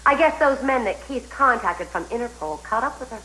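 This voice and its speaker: A woman's voice: a little high, lively intonation, brisk, pushed and bright, low-quality recording. An actress playing a scheming, spiteful woman who taunts her rival in a sneering soap-opera manner. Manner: sneering, contemptuous.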